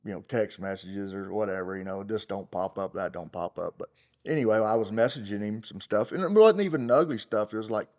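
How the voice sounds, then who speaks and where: A middle-aged man, a champion rodeo roper, talking in an unfiltered interview. He is blunt and profane, rambles with fillers, and gets loud and heated. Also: on the low side, fairly quick. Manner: rambling, full of fillers like "you know" and "like". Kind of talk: unfiltered casual interview talk.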